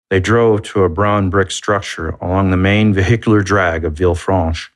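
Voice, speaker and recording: A man narrating a novel as an audiobook, in a measured, even storytelling manner. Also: sits low. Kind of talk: scripted narration.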